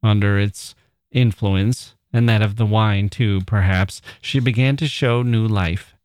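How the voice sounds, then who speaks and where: A man who hosts a podcast, reading a classic short story aloud in a measured way. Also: lowish voice, fairly even intonation, darkish tone, dry recording, studio quality.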